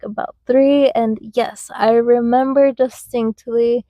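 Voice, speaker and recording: In a muffled recording with no room sound, a podcast host with a slightly high voice, a young woman from the United States with Mexican family roots, reflects casually on her life. Her storytelling rambles, packed with fillers and restarts.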